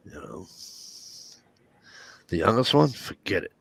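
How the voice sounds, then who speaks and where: Gravelly, lively middle-aged male storyteller. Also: on the low side, normal speed, long pauses. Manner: animated storyteller, acts out quotes, profane jokes. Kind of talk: casual storytelling chat.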